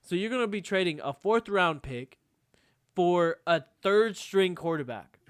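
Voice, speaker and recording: A man's voice: high voice, expressive, measured pace, clear, resonant tone, dry recording, clean studio sound. A man co-hosting a sports podcast, venting in a heated, profane, exasperated rant. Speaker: podcast co-host.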